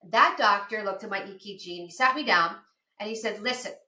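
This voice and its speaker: A woman's voice: medium pitch, fairly quick. A woman in her fifties from outside Philadelphia, telling her own story as a podcast guest and acting out past conversations. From outside Philadelphia, USA. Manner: lively storyteller who acts out past dialogue. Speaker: podcast guest, addiction counselor. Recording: roomy echo.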